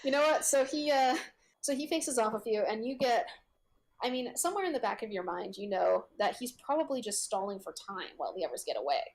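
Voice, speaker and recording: A woman running a tabletop game as game master, her voice sitting a little high. She narrates the scene haltingly, with plenty of fillers, and laughs often. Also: animated, darkish tone, a little hiss or hum.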